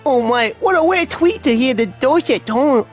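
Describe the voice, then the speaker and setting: A man voicing a refined, polite young Englishwoman in a video game, speaking in a high, sing-song put-on with flowery phrasing. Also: lively intonation, moderate pace, faint music behind. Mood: gushing.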